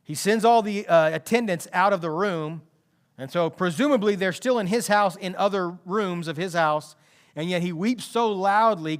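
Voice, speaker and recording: A pastor with a high voice preaches a sermon, retelling a story with animated emphasis and dropping in conversational asides.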